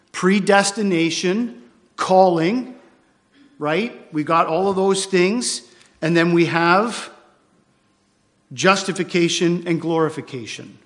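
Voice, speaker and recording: A man preaching a sermon to his congregation, explaining scripture earnestly with emphatic repetition. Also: high voice.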